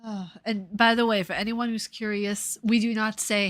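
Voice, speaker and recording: A young woman with a New York accent chats loosely on her stream, drifting between thoughts and cursing casually as she goes. Her voice sits at an ordinary middle pitch. The sound is dry and close, with no room around it. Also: fairly even intonation, moderate pace, fairly bright tone, dry recording. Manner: rambling, swears freely, laughs often. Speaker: YouTuber reading live chat. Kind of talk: casual livestream chat.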